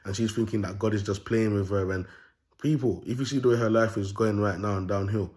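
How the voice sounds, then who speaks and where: Man, low voice, young, self-styled prophet, raw slangy preaching, rambling repeats. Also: steady tone, a little fast, a little mellow. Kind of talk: unscripted monologue to camera.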